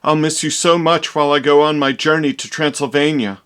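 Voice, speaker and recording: A man's voice: a little high, steady tone, fairly quick, a bit bright, clean tone, close to an everyday voice. A man playing a vain, dramatic young doctor in a comedy parody, with theatrical, exaggerated delivery.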